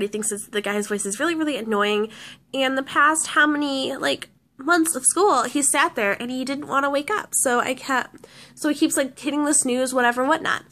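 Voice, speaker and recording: A woman's voice: high-pitched, pushed and bright. A woman vlogger telling a story casually, rambling with lots of restarts and fillers.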